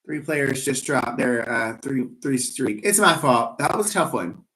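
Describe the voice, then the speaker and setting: A man's voice: medium pitch, lively intonation, a little slow, bright, forceful tone. A man hosting a live trivia game, playful and rambling, teasing himself in asides between questions.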